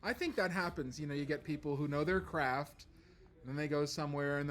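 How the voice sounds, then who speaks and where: A male comedian chatting on a podcast in a ship lounge, telling stories in an animated way and acting out voices. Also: fairly high pitch, brisk, a little hiss or hum. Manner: animated storyteller, acts out voices. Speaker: comedian guest. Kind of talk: casual podcast chat. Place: ship lounge before a show.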